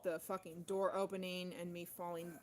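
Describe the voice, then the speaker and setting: A woman talking in an unscripted personal vlog monologue. She rambles with heavy swearing and many fillers, swinging between low, fast murmuring and loud, intense outbursts. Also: little pitch movement, slight background noise. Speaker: vlogger.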